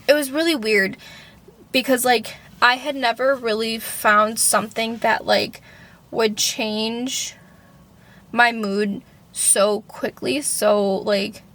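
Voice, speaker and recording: Slow-talking young woman, rambling vlog chat. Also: fairly high pitch, a bit bright. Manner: rambling, heavy on "like", swears freely. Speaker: vlogger. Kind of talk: casual personal monologue.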